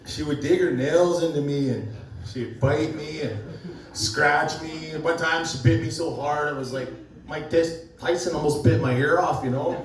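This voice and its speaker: A man doing a crude, rambling stand-up set, often laughing at his own jokes. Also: on the high side. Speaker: stand-up comedian. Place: comedy club stage. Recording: echoey club from far off, audience noise.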